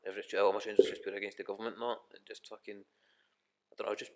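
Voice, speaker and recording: A man's voice: fairly low pitch, level tone, very fast, a little mellow. A young Scottish man, a rapper guest, chatting casually on a podcast, swearing a lot and rambling with many restarts. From Scotland.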